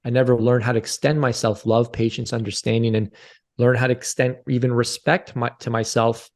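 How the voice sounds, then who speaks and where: A man's voice: mid-range voice, flat delivery, fairly quick. Earnest man in his forties. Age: 40s. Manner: earnest, confessional, repeats phrases. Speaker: podcast guest. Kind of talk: candid interview storytelling.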